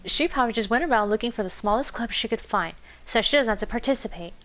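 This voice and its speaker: A woman's voice: on the high side, fast, a bit bright, lightly acted. Uneasy teen club president, as a woman reads her. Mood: troubled. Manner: earnest, uneasy and hesitant. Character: anxious teenage girl club president.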